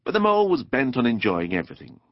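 A man narrating a children's storybook audiobook in an expressive, playful, animated way. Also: medium pitch, fast talker, dry recording. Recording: dull dry studio recording.

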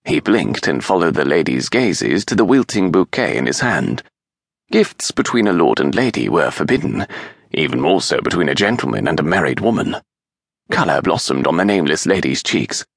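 Deep gravelly male audiobook narrator. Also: sing-song, moderate pace, dry recording, studio quality. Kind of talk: scripted narration of a historical romance.

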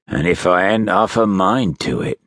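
A gruff, menacing convict growls threats in coarse rural dialect, as a man reads him aloud. The voice sits very low with lively swings when the threats swell. Close, dry recording. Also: moderate pace, dry recording. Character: menacing ragged escaped convict, rough and threatening.

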